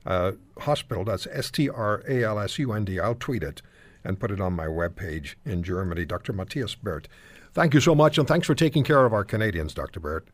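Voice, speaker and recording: A male talk radio host delivers emphatic commentary and interviews guests, restarting his thoughts as he pushes a point. His pitch is lively and animated. The sound is dry and close to the studio mic. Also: brisk, no echo.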